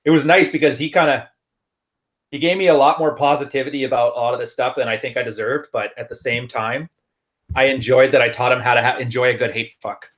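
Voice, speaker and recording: A man with a Canadian accent co-hosting a casual podcast chat, telling stories briskly and laughing often. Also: mid-range voice, a bit bright. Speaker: podcast co-host and relationship consultant.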